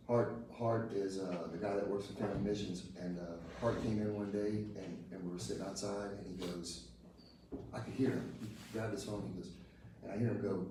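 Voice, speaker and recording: Man, lowish voice, heartfelt testimony to a room, heavy echo, mic far off. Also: fairly even intonation, normal speed, mellow. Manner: emotional, conversational storytelling with many restarts. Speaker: speaker giving a testimony. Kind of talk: personal testimony to a group. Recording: echoey room from far off with ambient noise.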